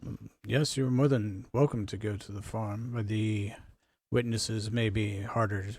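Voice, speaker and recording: A stern, regal old half-elf captain of the guard speaks in measured, formal sentences. His voice is low and mellow and unhurried, as a man puts him on for a tabletop game. The sound is dry and close. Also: steady tone, dry recording.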